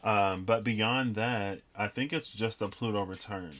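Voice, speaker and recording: A man's voice: lowish voice, fairly even intonation, a little slow, a bit bright, a little hiss or hum. A young man reading tarot cards and chatting in a rambling, reflective way with many fillers. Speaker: tarot reader. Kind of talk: casual tarot reading vlog.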